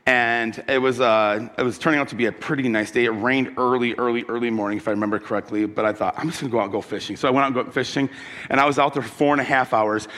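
A pastor delivering a conversational sermon, telling personal stories and putting questions to the congregation. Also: male voice, medium pitch, steady tone, fast talker, fairly bright tone, long reverb tail.

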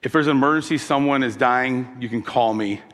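A pastor delivering a conversational sermon, telling personal stories and putting questions to the congregation. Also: male voice, mid-range voice, brisk, a bit bright, in a large hall.

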